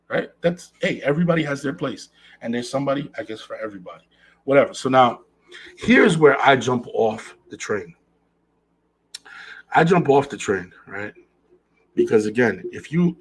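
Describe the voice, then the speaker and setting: Podcast host, male, slightly husky, earnest solo chat that repeats key lines. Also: mid-range voice, low-quality recording. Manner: earnest, repeats phrases for emphasis. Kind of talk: casual monologue.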